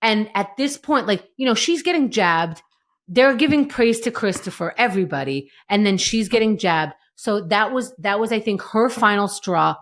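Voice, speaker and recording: Woman podcast cohost, mid pitch, chatty and animated, acts out the lines while recapping. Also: normal speed. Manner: animated retelling, acting out characters' lines. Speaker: podcast co-host. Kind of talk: casual chat recapping a TV episode.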